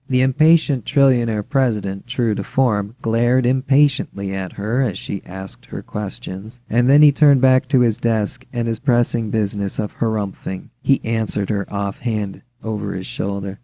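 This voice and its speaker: Gravelly, dark-voiced male storyteller. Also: on the low side, normal speed, few pauses, dry recording. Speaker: author and narrator. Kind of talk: scripted story narration.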